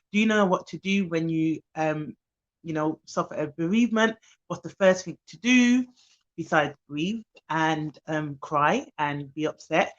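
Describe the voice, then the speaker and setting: A woman hosts a casual live stream as a childcare expert. She chats and greets viewers by name, with plenty of ums along the way. Her voice sits at a middling pitch, and the stream audio is a little dull. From Birmingham, England.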